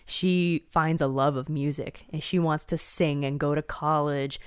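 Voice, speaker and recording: Woman gabbing on a podcast, lowish voice, gets all excited telling stories, dry close mic. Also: a little slow, smooth, no room sound. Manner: excitable, lively storyteller. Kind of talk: casual chat.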